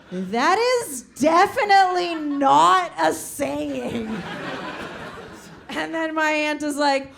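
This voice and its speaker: High-voiced woman telling a wild story. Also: slow pace, creaky, slight background noise. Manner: animated, laughing, shouting put-on voices. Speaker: stand-up comedian. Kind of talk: stand-up storytelling.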